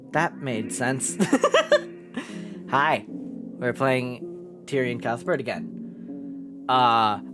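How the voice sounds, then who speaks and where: A young woman streaming a game live, chatting casually, swearing and poking fun at herself. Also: extremely low pitch. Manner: chatty, swearing, self-mocking, quick laughs.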